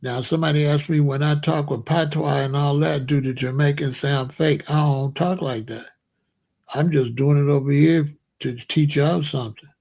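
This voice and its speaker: Gravelly-voiced American man, boastful monologue. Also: fairly high pitch, steady tone, moderate pace, darkish tone. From United States. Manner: rambling, repetitive, boastful. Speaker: commentary show host. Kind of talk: casual monologue to viewers.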